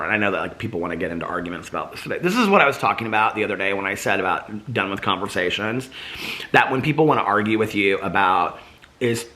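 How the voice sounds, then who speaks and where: A man's voice: fairly low pitch, animated, fast, bright, forceful tone. A man vlogging in a casual, rambling way, full of fillers and restarts. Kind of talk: casual chat to camera.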